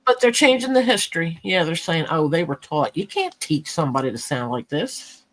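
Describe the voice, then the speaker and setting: A chatty woman with a strong New Jersey accent. Her voice sits fairly low but swings widely in pitch as she talks bluntly and tells stories on a live panel. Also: sing-song, normal speed. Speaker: panel host. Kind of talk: casual chat on a live panel.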